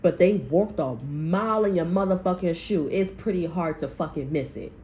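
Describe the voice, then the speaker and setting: A woman's voice: fairly low pitch, normal speed, darkish tone, a little hiss or hum. Blunt, foul-mouthed woman tarot reader. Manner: blunt, heavy swearing; rambling, repeats herself. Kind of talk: casual tarot reading.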